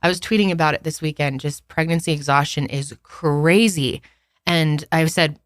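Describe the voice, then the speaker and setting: A woman's voice: sits low, steady tone, moderate pace, dry recording, clean studio sound. A young pregnant woman co-hosting a podcast, chatting candidly and tiredly, laughing often and swearing freely. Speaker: podcast co-host. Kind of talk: casual chat.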